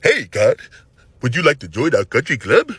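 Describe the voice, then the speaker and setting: A man putting on an uppity cartoon snob with a stuffed-up, nasal voice, lower than his own speech. The tone is pompous and self-satisfied, a mocking impression dropped into a casual rant. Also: wildly swooping pitch, moderate pace, fairly bright tone, husky, no room sound, full character voice. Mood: snooty. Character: uppity stuffy-nosed man inviting people to a country club.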